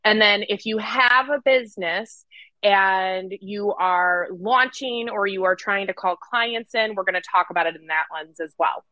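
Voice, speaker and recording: A woman co-hosting a casual podcast, chatting with lots of energy and a playful streak of swearing. Her voice is bright and forward. It sounds close and dry, with no room around it. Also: mid-range voice, unhurried, dry recording, muffled recording. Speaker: podcast co-host.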